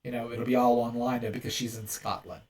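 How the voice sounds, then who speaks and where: A man's voice: mid-range voice, little pitch movement, fast, a little mellow. Chatty rambling man, distant mic. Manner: rambling, chatty, with many restarts and fillers. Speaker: podcast host and medium. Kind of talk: casual podcast chat.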